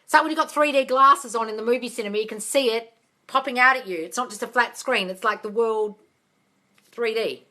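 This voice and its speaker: A woman in her thirties, a manifestation coach answering viewer questions on a live stream, chatty and quick to laugh, swearing casually and calling her viewers darling. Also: fairly high pitch, sharp tone. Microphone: phone.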